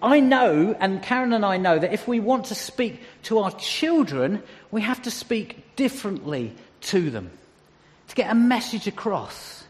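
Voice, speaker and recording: A man's voice: sits high, big pitch swings, a little slow, in a large hall. A middle-aged man giving a conversational sermon with humorous asides. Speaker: church speaker.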